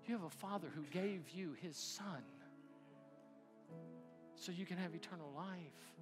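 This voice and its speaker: A middle-aged male pastor preaching a sermon, swinging from hushed near-whispers to loud, near-shouted passages. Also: sits high, a little slow, over music.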